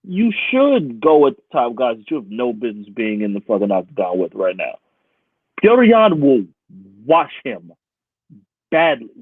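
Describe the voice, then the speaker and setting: Animated man, tinny and dry. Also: mid-range voice, normal speed, breathy edge, no room sound. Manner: animated, profane, laughs often. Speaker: podcast co-host. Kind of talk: casual sports banter. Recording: tinny phone-like sound, dry.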